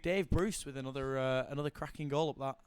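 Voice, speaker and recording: A man commentating a hockey match, keen but halting, with many fillers and restarts. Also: mid-range voice, smooth. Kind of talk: sports commentary.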